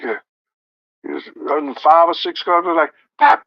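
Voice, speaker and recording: A man recounting a story in profane street slang, acting out others' lines and rising to near shouts. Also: a little high, sing-song, slow pace, long pauses, dry recording, muffled recording. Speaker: storyteller in an interview clip.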